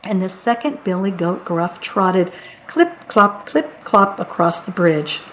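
A woman reading picture books aloud in a playful, unhurried storytelling manner. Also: medium pitch, expressive, a bit bright, a little hiss or hum, poor audio.

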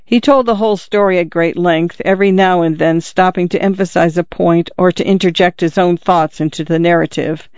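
Man reading an audiobook, steady measured telling, high smooth voice, dry lo-fi recording. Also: no echo. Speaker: narrator. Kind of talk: audiobook narration.

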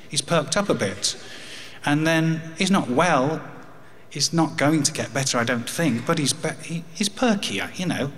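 A man's voice: mid-range voice, fairly bright tone. An English man in his fifties telling a personal story, with wry humour and grief. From England. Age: 50s. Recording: long hall reverb.

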